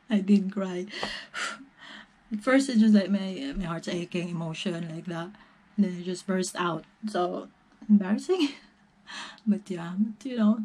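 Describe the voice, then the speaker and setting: A young woman chatting casually in a reaction vlog, soft-spoken and emotional, giggling often between filler-heavy phrases. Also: lowish voice. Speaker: reaction vlogger.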